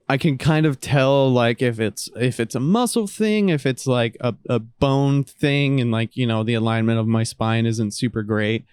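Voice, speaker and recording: A man's voice: medium pitch, a little mellow, clear, resonant tone, no room sound. A man co-hosting a casual podcast in a laid-back way, full of "um" and "like". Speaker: podcast co-host. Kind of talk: casual chat.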